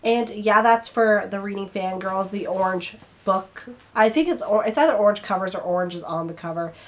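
A woman's voice: mid-range voice, normal speed. A young woman chatting casually to camera as a book vlogger, her throat a little strained, rambling and now and then stumbling over her words.

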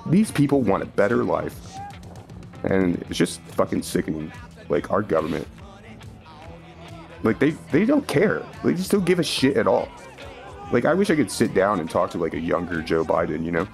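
A man's voice: lowish voice, very animated, brisk, gravelly, soft background music. A man from the northern United States ranting angrily into a phone, swearing heavily and laughing between lines. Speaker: vlogger. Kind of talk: angry profane rant.

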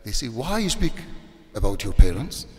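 The long reverb of a hall surrounds a sheikh's sermon, delivered in a mid-range male voice at a moderate pace. He speaks English as a non-native, often invoking Arabic religious phrases, and becomes animated when scolding.

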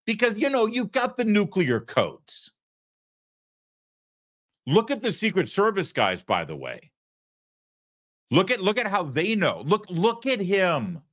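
A man's voice: high-pitched, wildly swooping pitch, a little slow, long pauses, a bit bright. A man hosting a political commentary show, talking in a sarcastic, indignant way. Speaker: host.

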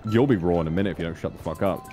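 A man's voice: low voice, rapid-fire, over music. A man gaming with a friend, bossy and swearing, trading dry teases and plans. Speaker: co-op gaming guest. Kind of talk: casual gaming banter.

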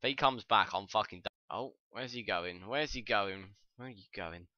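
A young man giving excitable, sweary commentary over his own gameplay, breaking into shouts. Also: lowish voice, moderate pace, dry recording. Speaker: gaming channel host. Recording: dull lo-fi dry mic.

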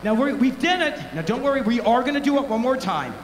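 On stage in a festival tent, a bandleader jokes with the crowd and fires them up between songs. His voice is very high-pitched, animated, and fast, heard amid tent echo and live band music.

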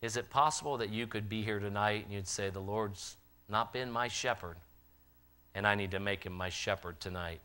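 A man preaching a sermon in a church, swinging from loud impassioned calls to quiet, earnest appeals. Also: fairly low pitch, normal speed, smooth. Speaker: pastor. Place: church sanctuary.

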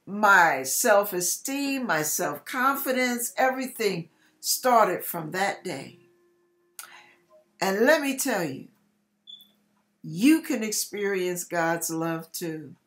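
A woman's voice: mid-range voice, fairly bright tone. A woman hosting her own channel, telling a heartfelt personal testimony and sometimes close to tears. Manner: emotional, heartfelt storytelling with quoted exclamations. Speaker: host.

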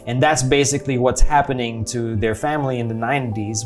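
A man's voice: mid-range voice, fairly even intonation, a little fast, faint music behind. A man with an American accent giving a casual, rambling movie review, chatty and often correcting himself mid-sentence. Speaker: film reviewer.

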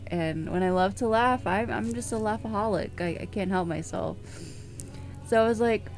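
A young woman chatting casually to her vlog camera, rambling and giggly with lots of filler words. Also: medium pitch. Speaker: vlogger.

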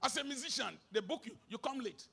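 Nigerian-accented man, middle-aged, emphatic sermon; bright, husky edge, dips into Pidgin. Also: animated, fast. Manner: emphatic, swinging from shouted bursts to low asides, mixing in Pidgin. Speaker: preacher.

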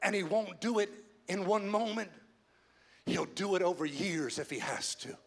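A man preaching a sermon as pastor, swinging from hushed, slow lines to loud, fast build-ups. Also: high voice, gravelly. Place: church sanctuary. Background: soft music.

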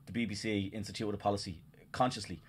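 An Irish man makes his case in a rapid, earnest stream, restarting his sentences as he goes. His voice is lowish and fairly deep. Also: steady tone, a crowd in the background. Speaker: guest author. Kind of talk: casual discussion.

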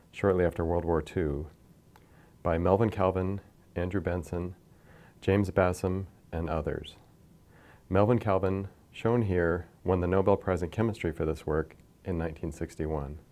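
A man lecturing from slides in a measured, explanatory way, pointing to figures as he goes. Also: low voice, darkish tone. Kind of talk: scripted science lecture over slides.

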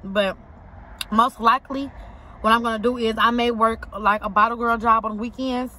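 A woman's voice: fairly high pitch, fairly even intonation, normal speed, pushed and bright, a little hiss or hum. Emphatic young woman vlogging from her car. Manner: emphatic, repeats herself for punch, slangy. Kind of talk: casual eating vlog talk to camera. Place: inside a parked car outside an auto shop.

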